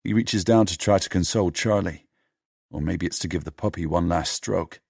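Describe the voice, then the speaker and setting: Steady and measured, this narrator reads an audiobook in a gravelly, deep male voice. The sound is clean studio quality, free of echo.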